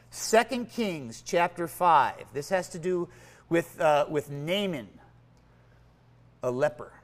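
A preacher reading scripture and retelling a Bible story in an animated, playful sermon style. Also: mid-range voice, moderate pace.

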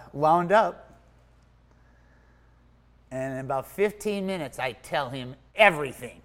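A man telling his story in a sermon, acting out his own thoughts and swinging from loud to hushed. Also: on the high side. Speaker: preacher. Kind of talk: sermon testimony.

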